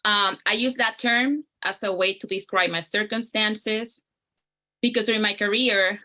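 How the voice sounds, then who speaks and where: A woman's voice: medium pitch, fairly even intonation, measured pace, bright, forceful tone. A woman speaker beginning a short personal story talk, friendly with a few hesitant fillers.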